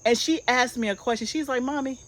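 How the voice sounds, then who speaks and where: Woman, 40s, homestead vlog host, relaxed animated chatter, calls viewers y'all. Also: on the high side, fast talker, poor audio. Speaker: homestead gardening channel host. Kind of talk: casual chat.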